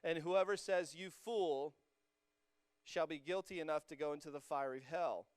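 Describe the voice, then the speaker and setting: Energetic young male youth pastor, clear voice. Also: fairly high pitch, normal speed, no echo. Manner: energetic, joking with the audience, rising to emphatic peaks. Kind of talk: sermon. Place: church hall with a student congregation.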